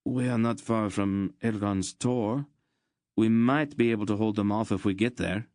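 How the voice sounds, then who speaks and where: A man's voice: lowish voice, moderate pace, darkish tone, no echo, clean studio sound, voice pushed up, close to an everyday voice. A man voicing a young male archer guide who speaks urgently, as a storybook figure. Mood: explaining. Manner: urgent, pressing.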